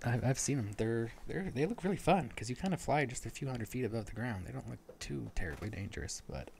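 A man's voice: mid-range voice, expressive, fast talker, gravelly, a little mellow, slight background noise. A man co-hosting a podcast, casually retelling a novel's plot at length with frequent restarts and fillers. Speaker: podcast co-host. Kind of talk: casual book discussion.

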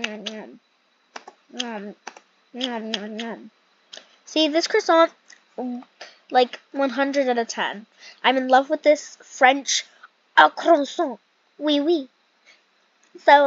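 Over a dull lo-fi mic, a young gaming channel host with a high, slightly bright voice commentates a role-play game. She's casual and chatty, rambling along and often correcting herself.

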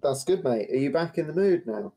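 A man's voice: fairly high pitch, animated, brisk, warm tone. A man chatting during a game, wry and rambling, spinning mock-profound musings. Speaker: gaming partner. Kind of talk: casual gameplay chat.

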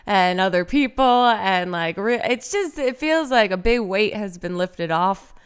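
A woman in her thirties talks in a relaxed, easygoing podcast chat. Her voice is very smooth and clear at an ordinary middle pitch. She laughs easily and pokes fun at herself. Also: measured pace. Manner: laughs often, self-deprecating. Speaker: podcast guest.

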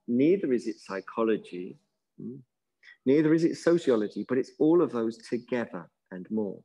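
A middle-aged man with a relaxed, musing manner, leading a yoga class and drawing out words slowly. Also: medium pitch, poor audio. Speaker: yoga teacher. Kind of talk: guided yoga class instruction.

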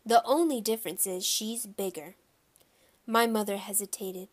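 A woman narrating a children's audiobook in a measured, storytelling first-person reading. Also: medium pitch.

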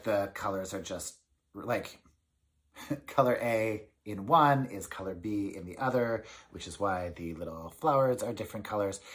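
A man hosts a knitting podcast and chats casually to the camera. He sounds excitable and rambles, with plenty of fillers and restarts, at an ordinary mid pitch.

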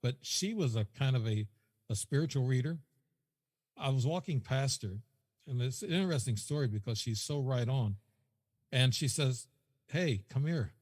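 Rambling male guest storyteller, husky, long echo. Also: medium pitch, expressive, moderate pace, a little mellow. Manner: rambling, repeats himself, quotes dialogue. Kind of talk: casual storytelling.

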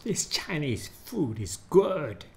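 A man speaks very slowly into a studio microphone at home. He hesitates often and acts out expressions as he tries them for an animation test. A faint room noise sits under his voice. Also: on the high side, sing-song, a little mellow. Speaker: 3D animation hobbyist. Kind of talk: casual talk testing facial expressions.

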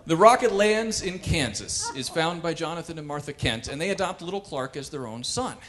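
A man performing wry, animated stand-up comedy on a cultural center stage. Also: a little high, fairly quick. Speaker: comedian and pianist.

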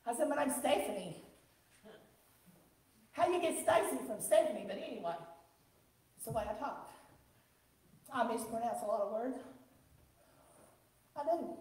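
A woman pastor from the American South with a country twang, preaching a sermon with call-and-response and rising shouts. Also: a little high, lively intonation, normal speed, long pauses. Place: church sanctuary. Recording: echoey church from far off.

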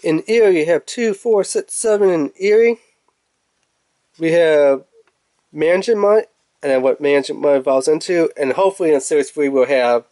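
A man's voice: on the high side, warm tone, dry recording. A young man casually reviewing toys, rambling and chatty and laughing at his own jokes. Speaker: toy reviewer.

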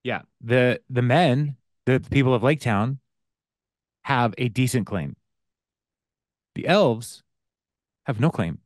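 A man's voice: medium pitch, animated, slow pace, pauses often. A man co-hosting a podcast over a video call, with dry humor, nudging the talk along and correcting details. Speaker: podcast co-host. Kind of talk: casual chat about a book.

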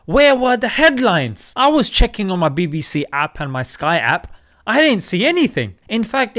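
Animated man, high lively voice. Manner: animated, emphatic, rhetorical questions. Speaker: host. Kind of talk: opinion vlog commentary.

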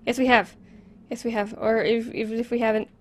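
A woman commenting on a horror game as she plays it, close to a desk microphone, nervous and repeating words in quick bursts. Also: fairly high pitch, flat delivery. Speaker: gameplay commentator.

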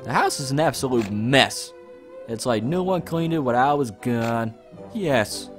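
A young man chats his way through a game, lively and expressive, his pitch bouncing freely. He reads on-screen lines aloud with playful outbursts. Soft game music plays underneath. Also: measured pace. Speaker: let's play host. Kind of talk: casual gameplay commentary.

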